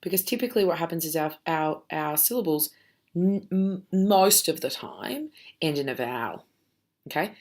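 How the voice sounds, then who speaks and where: A primary school teacher, a woman, leads a recorded phonics lesson for children, sounding out letters slowly and checking in with the class often. Her voice is low, with lively intonation and a fairly bright tone.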